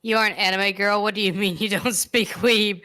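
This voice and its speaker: A woman streamer chatting casually with a co-host and her chat, blunt and quick to swear. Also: medium pitch, steady tone, pushed and bright. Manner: blunt, swears a lot, laughs often.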